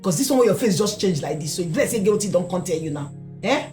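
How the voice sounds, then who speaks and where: A middle-aged Nigerian mother, played by an actress, who scolds in Pidgin English with big swings of pitch and a piled-up stream of questions. She is protective and emphatic. Faint film music sits under her voice. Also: animated, fast, mellow, natural voice. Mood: warning. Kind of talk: Nollywood film acting.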